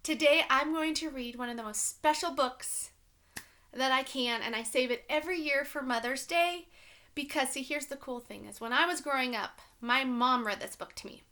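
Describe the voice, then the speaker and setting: A woman in her thirties, a teacher, talks to young children before reading aloud. Her voice sits a little high and rings bright. She is lively and chatty, and warm toward the kids. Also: normal speed.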